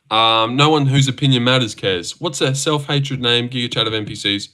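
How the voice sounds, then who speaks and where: A man's voice: mid-range voice, normal speed, hardly any pauses, bright, forceful tone. A young man chatting casually on a stream, joking, teasing and swearing as he reacts.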